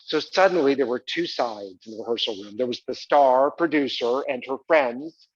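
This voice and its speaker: A man's voice: medium pitch, lively intonation, moderate pace, dry recording, dull audio. A man performing an autobiographical stage monologue, hesitant and full of fillers.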